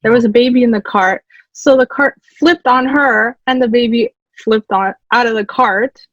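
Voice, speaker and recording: A woman's voice: a little high, moderate pace, dry recording. A woman from Canada co-hosting a podcast, telling stories in casual chat and laughing often as she goes. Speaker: podcast co-host. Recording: slightly dull lo-fi mic.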